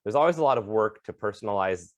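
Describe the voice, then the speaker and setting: A man co-hosts a comedy podcast, a comedian and motivational speaker chatting casually in an earnest, thoughtful, supportive way. His voice sits on the low side with lively intonation, he talks fast, and there's no room sound.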